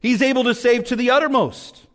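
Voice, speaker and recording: A man preaching a sermon fervently, rising to emphatic peaks and dropping to hushed low passages. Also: steady tone, a little fast. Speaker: pastor. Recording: long hall reverb.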